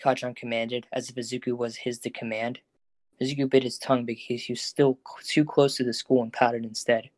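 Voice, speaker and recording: Brief: male narrator for a fan audio drama, mid-pitched and flat, dry close sound. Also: brisk, dry recording. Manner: even, steady storytelling.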